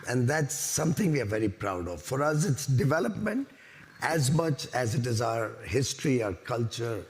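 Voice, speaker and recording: Indian-accented male minister, gravelly and forceful in his points, mid-range voice. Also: mid-range voice, big pitch swings, normal speed, a little hiss or hum. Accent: Indian English. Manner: assertive, emphatic, with repeated points. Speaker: government minister. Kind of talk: panel discussion.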